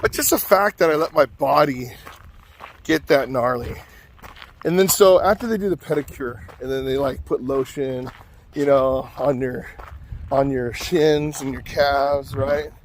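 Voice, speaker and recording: A man's voice: medium pitch, a little slow, a little hiss or hum. A man vlogging, telling a rambling, self-mocking story full of fillers.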